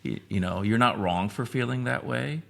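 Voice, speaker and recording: A man's voice: mid-range voice, moderate pace, vocal fry, fairly bright tone. A man in his fifties, a podcast guest, talking reflectively in a rambling way with many restarts. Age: 50s. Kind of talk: casual interview talk.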